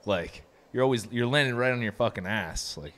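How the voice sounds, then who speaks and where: A man's voice: medium pitch, expressive, brisk, fairly bright tone. A man hosting a podcast, asking questions in a laid-back way, laughing along and swearing casually. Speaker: podcast host. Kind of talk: casual interview chat.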